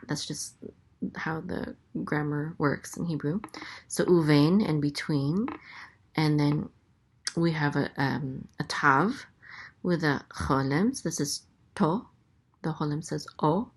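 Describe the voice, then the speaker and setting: A woman teaching a casual Biblical Hebrew reading lesson, explaining slowly with many pauses and fillers. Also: deep voice. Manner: slow and explanatory, with many fillers and self-corrections.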